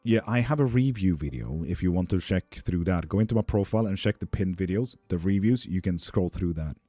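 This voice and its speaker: His voice sits low and warm, with lively intonation and a fairly quick pace, recorded with no room sound. He's a man in his 30s reading tarot on a live stream, laid-back and joking as he chats with viewers and reads out their comments.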